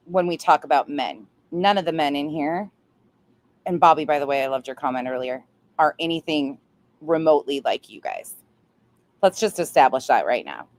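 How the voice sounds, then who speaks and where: Low-voiced, blunt woman host. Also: animated, normal speed, pauses often. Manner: blunt, profane, fired-up. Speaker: livestream host. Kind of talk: casual chat.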